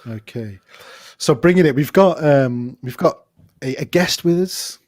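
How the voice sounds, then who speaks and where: A man's voice: a little high, lively intonation, a little mellow, dry recording, clean studio sound. Jokey man co-hosting a podcast. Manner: jokey and quick to laugh, teasing the guest. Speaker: podcast co-host. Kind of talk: casual chat.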